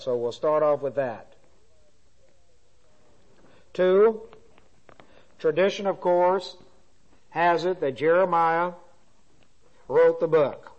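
Brief: male Bible teacher, fairly high voice, methodical lecture with repeated points, muffled dull recording. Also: takes it slowly, long pauses, a little mellow. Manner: repeats points, many filler uhs.

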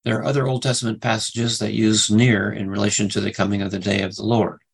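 A middle-aged man teaches scripture in a gravelly, slightly low voice. He halts often with fillers and restarts, then lifts his pitch to stress key words. His tone stays husky throughout. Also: level tone, brisk, low-quality recording. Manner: hesitant, many fillers and restarts; rises in pitch when stressing verses. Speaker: Bible teacher. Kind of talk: Bible study lesson.

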